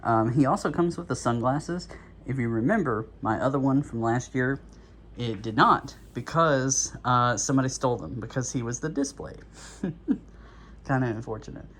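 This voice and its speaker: A man's voice: medium pitch, normal speed, a bit bright, slight background noise. A man casually talking through an unboxing at home, a bit out of breath, rambling with lots of fillers and little chuckles. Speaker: vlogger.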